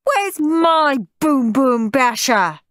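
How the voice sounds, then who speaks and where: A woman's voice: high-pitched, very animated, slow, sharp tone, no room sound, clean studio sound, pitched above the performer's own voice, full character voice. A woman voicing a spoiled, stuck-up young boy who whines, screams and sulks. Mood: whiny. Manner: whiny, screaming, sulky.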